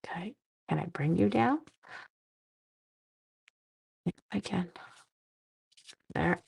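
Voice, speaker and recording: A middle-aged woman from Canada chats playfully through a card-making livestream, her low voice gravelly and a little husky. She sounds tired but keeps talking to her viewers as she works. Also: slow pace, pauses often, darkish tone. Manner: playful, chatty, talks to viewers while working. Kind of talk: casual crafting livestream chat.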